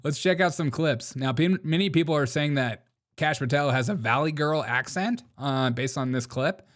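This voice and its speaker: A man's voice: fairly high pitch, normal speed. A man hosting a commentary show, mocking clips with sarcastic remarks and frequent laughter. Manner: sarcastic, laughs often, teasing. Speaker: show host.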